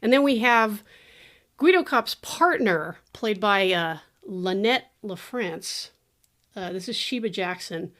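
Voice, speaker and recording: Animated woman podcast host. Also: mid-range voice, takes it slowly. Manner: animated, laughs often, many fillers. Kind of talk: casual movie-review chat.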